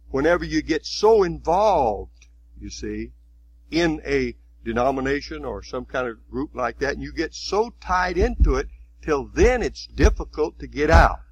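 A man's voice: on the high side, husky, poor audio. A man preaching a sermon in a folksy, conversational way, often adding "you see".

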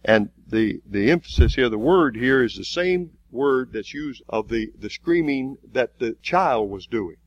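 A man preaching a sermon, stressing key words and drawing them out slowly. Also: mid-range voice, expressive, highs cut off. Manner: emphatic preaching with slow, drawn-out stresses.

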